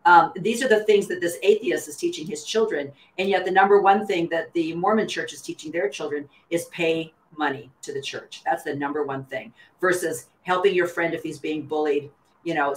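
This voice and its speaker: A woman's voice: lowish voice, moderate pace, reverberant, poor audio. A woman co-hosting a podcast, trading indignant, wry remarks in casual chat. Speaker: podcast co-host.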